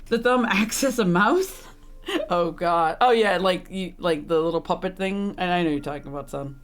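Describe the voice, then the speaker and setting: A woman's voice: lowish voice, moderate pace. A woman game streamer talks casually over her playthrough, ranting and laughing at the characters. She swears often and sounds openly exasperated with the story. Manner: frequent swearing. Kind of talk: casual live-stream commentary.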